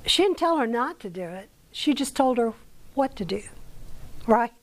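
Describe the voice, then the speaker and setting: Teaching a Bible lesson at church, an American woman who leads a women's Bible study speaks in a fairly high, animated voice at a normal speed. She keeps things conversational, asking her listeners questions along the way. The audio quality is poor.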